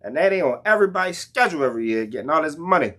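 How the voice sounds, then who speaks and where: A young man rants about college football in a loose, slangy way. His pitch swings widely, climbing high when he gets worked up. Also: racing. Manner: animated, slangy, rants with rising outbursts. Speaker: sports commentator vlogger. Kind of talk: casual sports rant.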